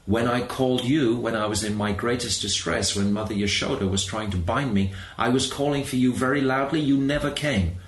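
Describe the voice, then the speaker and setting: A man's voice: medium pitch, brisk, hardly any pauses, lightly acted. A man voicing a hurt, stubborn young boy god who refuses to be comforted, in an echoey room. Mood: hurt refusal. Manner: sulky, refusing.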